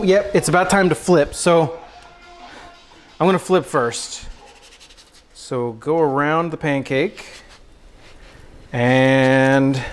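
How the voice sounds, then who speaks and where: A young man hosting a casual cooking livestream, talking while he cooks at the stove, goofy and self-mocking, calling viewers bro and dude. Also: on the high side.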